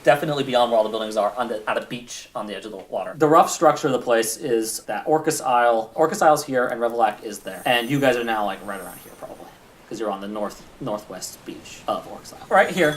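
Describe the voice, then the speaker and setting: A man's voice: mid-range voice, lively intonation, fairly quick, a little hiss or hum. Casual male game master describing a map. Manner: casual, thinks aloud with fillers while pointing at a map. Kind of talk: narrating a tabletop game.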